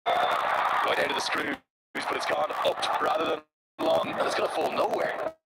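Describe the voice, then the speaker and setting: A man's voice: a little high, level tone, normal speed, gravelly. A man with an Irish accent giving live cricket commentary, chatty and wry with joking asides. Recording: loud background noise over commentary.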